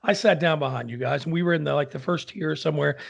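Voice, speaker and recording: A man, an opera singer, telling a lively anecdote in casual conversation and acting out the people in it. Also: on the high side, fast talker, vocal fry, slightly rough. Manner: animated storyteller, acts out quoted voices.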